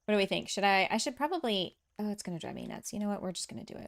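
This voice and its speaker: This streamer talks at a racing clip, medium-pitched, expressive, and full of vocal fry. She builds in a farming game, reads viewer comments aloud and answers them, laughs often, and pokes fun at herself over soft game music.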